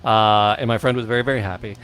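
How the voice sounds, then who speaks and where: A man from Michigan, co-hosting a casual podcast chat, telling stories with lively acted-out quotes. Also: lowish voice, quick pace, slight background noise. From Michigan, USA. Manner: animated storyteller, acts out quoted people. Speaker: podcast co-host.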